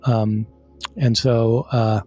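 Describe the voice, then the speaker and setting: A man's voice: medium pitch, flat delivery, very slow, warm tone, slightly rough, highs cut off, faint music behind. A man explaining as a guest scholar in an interview, conversational, with many fillers and restarts.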